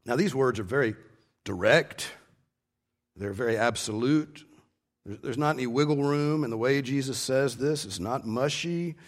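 Earnest male preacher teaching scripture. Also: medium pitch. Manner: earnest, stresses key words slowly, frequent word repeats. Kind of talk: expository sermon.

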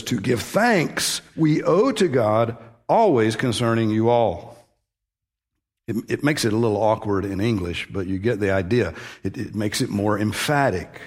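A man's voice: medium pitch, slightly rough. A man preaching a sermon in a conversational teaching manner, stressing key words and often restarting phrases. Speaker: pastor.

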